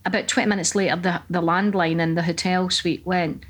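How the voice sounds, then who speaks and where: A woman's voice: lowish voice, fairly quick, breathy edge. Sweary Scottish woman telling stories. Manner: lively, profane storyteller. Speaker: comedian guest. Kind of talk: casual chat.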